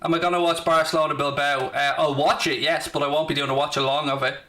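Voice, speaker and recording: A South Dublin man with a Dublin Irish accent streams a football watchalong, chatting casually and sarcastically with free swearing and brash banter. His voice is a little high, fast and sharp, with a flat delivery.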